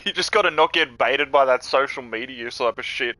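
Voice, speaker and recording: A man's voice: mid-range voice, normal speed, sharp tone, dry recording, poor audio. An Australian man streaming a game, chatting casually, laid-back and swearing a lot. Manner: laid-back, profane, laughs often. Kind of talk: casual chat.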